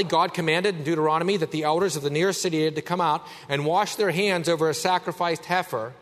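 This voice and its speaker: Male pastor preaching, emphatic, goes loud then quiet, bit high voice, long church echo. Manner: emphatic, swings between raised and hushed. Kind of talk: sermon.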